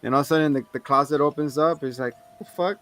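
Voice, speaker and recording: Animated man retelling a movie scene. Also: medium pitch, racing. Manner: animated retelling of film scenes, frequent laughs and swearing. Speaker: podcast co-host. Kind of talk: casual movie-review banter.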